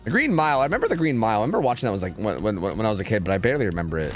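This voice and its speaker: A man's voice: lowish voice, big pitch swings, racing, music in the background. A man chatting casually with his stream viewers, rambling and swearing a lot, full of fillers. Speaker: streamer and game caster.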